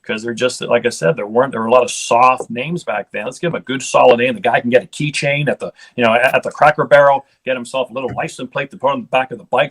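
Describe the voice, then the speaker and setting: A man's voice: medium pitch, fast, few pauses, fairly bright tone, husky. A man in his fifties, from Ohio, telling casual stories as a guest, chatty and rambling with restarts. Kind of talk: casual storytelling.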